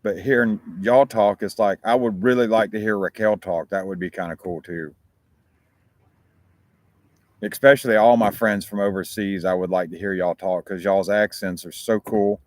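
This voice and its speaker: A man's voice: fairly low pitch, fairly even intonation, normal speed, a little mellow, dry recording. A man with an American accent, hosting a talk show and chatting casually to his viewers in a rambling, profane way. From United States.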